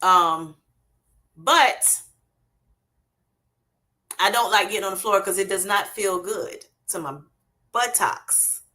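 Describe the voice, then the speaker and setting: Woman, middle-aged, bright tone, livestream chat, casual, laughs a lot. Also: mid-range voice, slow pace, long pauses. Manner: chatty, laughs often, addresses viewers as y'all and honey. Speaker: livestream host. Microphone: streaming setup.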